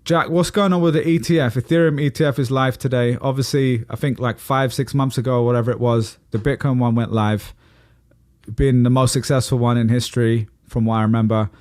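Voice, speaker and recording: A man's voice: medium pitch, steady tone, brisk, a little mellow, no room sound, studio quality. A man co-hosting a casual podcast chat, talkative and easy to laugh, steering the topics and asking his co-host questions. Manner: chatty, laughs easily, asks co-host questions.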